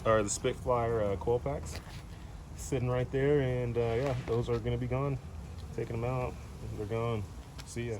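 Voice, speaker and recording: A man's voice: medium pitch, slight background noise. A man talking casually through a car repair, rambling and easygoing, with lots of fillers and restarts. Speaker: car vlogger. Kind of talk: casual chat.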